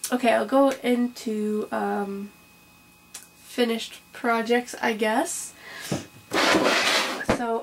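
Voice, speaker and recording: A woman's voice: a little high, a bit bright, a little hiss or hum. A young woman hosting a casual crochet vlog. She rambles with lots of ums and restarts, a little under the weather with hiccups. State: has hiccups and a cough, taking it slow. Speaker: crochet podcast host.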